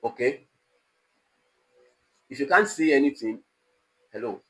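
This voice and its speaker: A man teaching a live online exam-prep class. He talks slowly and carefully, repeating each example phrase and stretching its pitch up and down. His voice sits in a middle range for a man. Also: expressive, fairly bright tone, poor audio. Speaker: lecturer. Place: online class studio with a technician.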